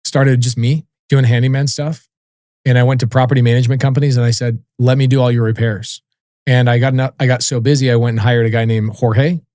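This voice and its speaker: A podcast guest in his forties tells stories in a casual, animated interview, acting out the voices of the people he quotes and swearing offhandedly. His mid-range voice is level and a little mellow, and he talks fast, in studio-quality audio with no echo.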